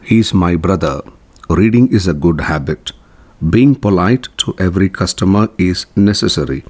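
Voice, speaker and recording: A man teaching a scripted grammar lesson, reading example sentences one at a time in a slow, measured way. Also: low voice, darkish tone. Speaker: English teacher.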